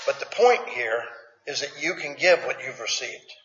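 A man's voice: medium pitch, animated, moderate pace, fairly bright tone, a little hiss or hum. Preacher man in an echoey hall. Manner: conversational, asks the congregation questions; plainspoken, folksy. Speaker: pastor. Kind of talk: sermon. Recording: echoey hall, dull lo-fi sound.

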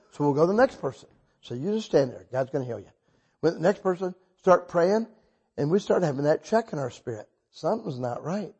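A husky-voiced man preaches in a storytelling sermon, his pitch a touch high for a man. He swings from quiet, drawn-out asides to loud, excited bursts. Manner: animated, bursts loud when quoting himself.

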